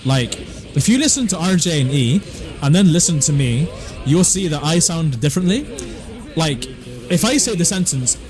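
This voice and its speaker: A man's voice: fairly high pitch, sing-song, moderate pace, darkish tone, faint music behind. Laid-back West Country streamer, man. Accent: West Country English. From southwest England. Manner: laid-back, chatty, answers chat with laughs. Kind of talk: casual live-stream chat.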